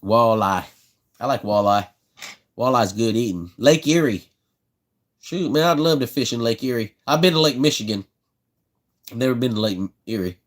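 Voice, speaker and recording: A relaxed man from South Carolina talks in an easy Southern drawl while he works on a project. His voice sits at an ordinary middle pitch, and he tends to say things twice and chuckle between his sentences. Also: normal speed, long pauses. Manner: laid-back, drawling, repeats himself, chuckles often. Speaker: livestream host building fishing rods. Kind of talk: casual live-stream chat while working.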